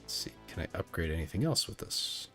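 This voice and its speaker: Male streamer with a very low voice, loose, rambling chat with viewers, soft music bed behind. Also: big pitch swings, brisk. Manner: rambling, stop-start, reading chat aloud.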